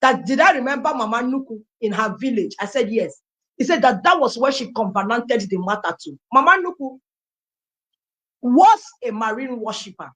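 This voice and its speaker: Animated Nigerian woman telling her story. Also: fairly high pitch. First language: Igbo. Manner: animated storyteller, acting out dialogue. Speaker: testimony speaker. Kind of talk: personal life story told aloud.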